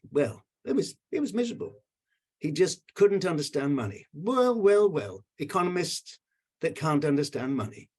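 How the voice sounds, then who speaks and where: Older guy ranting on a video call, husky and emphatic, repeats himself a lot. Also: on the high side, a little mellow. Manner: emotional, indignant, emphatic repetition. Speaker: panel commenter. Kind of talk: impassioned video-call remarks.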